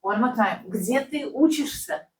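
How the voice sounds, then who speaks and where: A woman's voice: on the high side, animated, a little slow, background noise. Woman language teacher, Russian native, patient drilling tone, echoey room, distant mic. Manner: patient, drills phrases for repetition, checks with "right?". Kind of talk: language lesson.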